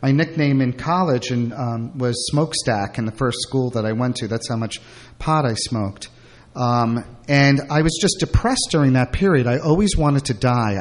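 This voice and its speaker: Casting: middle-aged man, guest, rambling candid storyteller with lots of fillers. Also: mid-range voice. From Brooklyn. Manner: rambling, frequent fillers and restarts.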